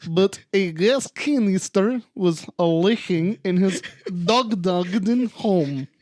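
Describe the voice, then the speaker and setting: A man's voice: sits high, lively intonation, takes it slowly, a little mellow, dry recording. A man voicing a stereotypical mock French man with a put-on French accent, reading aloud and giggling. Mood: hammy. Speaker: podcast co-host.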